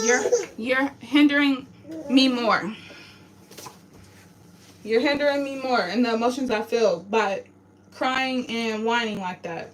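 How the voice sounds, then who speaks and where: A woman's voice: on the high side, slow, long pauses. Tearful woman venting, distant noisy mic. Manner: raw, venting, swears, voice breaking into tears. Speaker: vlogger. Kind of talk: emotional confessional vlog. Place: home bathroom.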